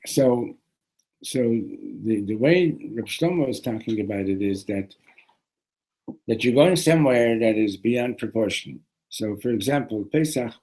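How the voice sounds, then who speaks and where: A man teaching a classroom lesson on a religious text, animated, often restarting and repeating words. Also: mid-range voice, low-quality recording.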